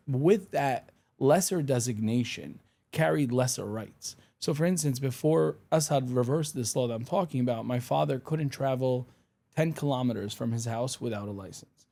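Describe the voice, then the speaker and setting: A man's voice: mid-range voice, creaky, dark tone. A man from Syria whose first language is Arabic, speaking as a podcast guest in casual interview talk, emphatic and ready to push back. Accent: none, worked to lose his Syrian accent, sounds like a New Yorker. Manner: emphatic, argumentative, pushes back firmly.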